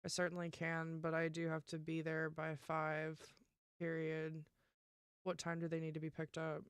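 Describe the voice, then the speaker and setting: A young woman streamer talking casually and emphatically, swearing often and filling pauses with "um" and "like". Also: low voice, monotone, clear, resonant tone, dry recording, studio quality. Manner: emphatic and profane, with many fillers. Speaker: live streamer. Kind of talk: casual live-stream rant.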